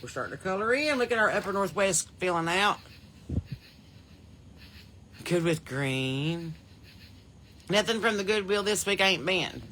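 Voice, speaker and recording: A woman with a Southern US drawl hosts a casual livestream, calling out viewers' names and states in a folksy, friendly chatter. Her voice is bright and forward, with a faint hiss of noise under it. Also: on the low side, lively intonation, unhurried, pauses often. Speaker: podcast host.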